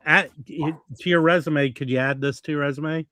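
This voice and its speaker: A man's voice: fairly high pitch, fairly even intonation, normal speed, bright, forceful tone, no echo, studio quality. A man in a casual livestream chat who keeps cutting in with joking announcements. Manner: interrupts with jokey announcements. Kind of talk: casual banter.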